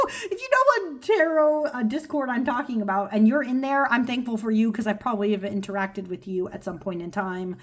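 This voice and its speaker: A woman from California talks casually to her viewers about tarot. She rambles, trips over names and fills the gaps with ums and little laughs. Her voice sits at a middle pitch. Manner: rambly, filler-heavy, self-deprecating, laughs often. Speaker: tarot YouTuber. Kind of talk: casual rambling video chat.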